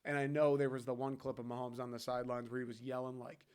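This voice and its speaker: On his laid-back sports podcast, a man with a middle-pitched voice fires off a fast, profane rant, yet his delivery is completely flat. His tone is clean and a little mellow, and he chats in a friendly, loose way, addressing the listener as "dude."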